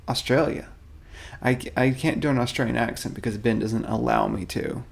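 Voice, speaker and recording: Gravelly, playful stand-in host man. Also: mid-range voice, a little fast. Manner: playful, rambling, self-mocking, greets viewers by name. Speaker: stand-in host of a miniatures studio's weekly update. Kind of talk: casual product showcase, chatting to live viewers.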